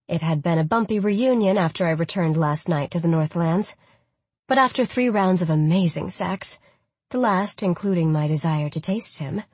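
A woman reading a first-person audiobook in a smooth, even way with breathy, intimate touches. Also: on the low side, no echo. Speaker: audiobook narrator.

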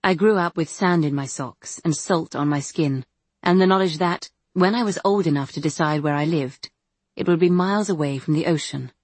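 A woman narrating an audiobook in a measured, even storytelling manner. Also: deep voice, husky, no room sound. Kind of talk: scripted narration.

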